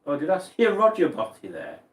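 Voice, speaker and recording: With a fairly high voice whose pitch swoops wildly, a streamer talks a little fast, reading viewer messages and ranting in mock outrage. He's far from the mic, and the room echoes.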